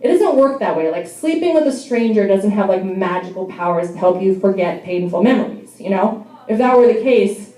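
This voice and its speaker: A woman's voice: mid-range voice, lively intonation, moderate pace, dark tone, echoey room, rough recording. A young adult woman doing a stand-up comedy set in a bar, telling wry, self-deprecating stories. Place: bar venue.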